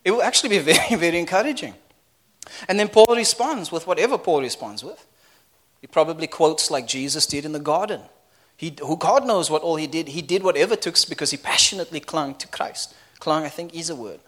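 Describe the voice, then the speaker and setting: A male preacher gives a sermon in a loose, conversational style. He swings between excited outbursts and quiet reflection, and he often laughs as he talks. His voice sits a little high. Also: fairly quick.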